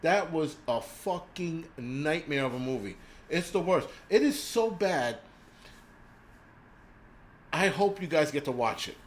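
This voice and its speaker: A man's voice: on the high side, animated, measured pace, long pauses. A man hosting a live stream, ranting casually and profanely with lots of fillers.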